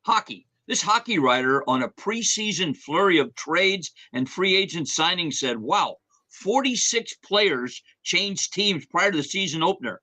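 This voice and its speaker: A man's voice: sits high, lively intonation, sharp tone, low-quality recording. A man reading sports trivia questions with multiple-choice answers on a radio show. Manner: reads questions briskly with multiple choice options.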